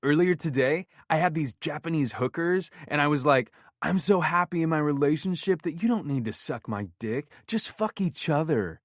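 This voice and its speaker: A man's voice: on the high side, expressive, moderate pace, hardly any pauses, no room sound, studio quality, voice pushed up, lightly acted. A man voicing a brash, crude male celebrity comedian in an audiobook, bragging and cocky. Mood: joking bit.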